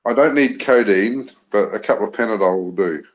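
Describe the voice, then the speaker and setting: Lowish-voiced New man with a cold. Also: brisk, dull audio. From New Zealand. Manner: self-mocking, dry joking. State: has a cold. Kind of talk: casual live-stream chat. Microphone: video call.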